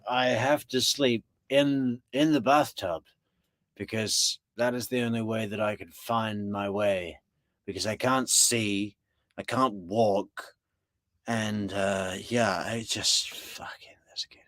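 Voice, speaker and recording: A man's voice: fairly low pitch, steady tone, slow, fairly bright tone, no echo. A man giving casual true crime commentary with joking, sarcastic asides.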